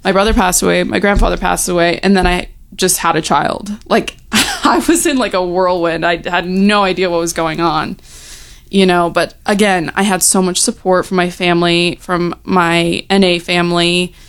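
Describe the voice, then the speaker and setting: Gravelly-voiced young woman sharing her story. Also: lowish voice, little pitch movement, normal speed. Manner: frank, heartfelt, many fillers like "you know". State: near tears at times. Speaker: recovery storyteller. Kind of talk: personal testimony, casual.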